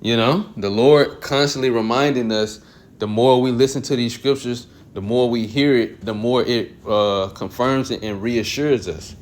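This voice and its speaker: A man reads scripture aloud and reflects on it in a sermon-like talk. His voice sits at an ordinary pitch, and he keeps clearing his throat and correcting himself mid-phrase. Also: moderate pace. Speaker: Bible teacher. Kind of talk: scripture reading and commentary.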